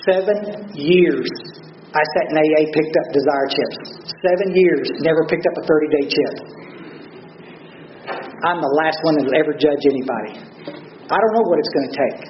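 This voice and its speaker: A man's voice: fairly high pitch, normal speed, a little hiss or hum. An older man with a Texan accent giving a blunt, earnest personal testimony at a recovery meeting, telling stories with salty language. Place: large meeting room. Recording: roomy, dull audience recording.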